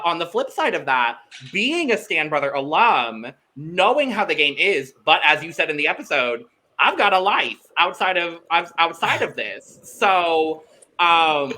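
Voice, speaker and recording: A man's voice: fairly high pitch, bright, forceful tone, slight background noise, poor audio. A man hosting a casual podcast in a campy, playful and upbeat way. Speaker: host.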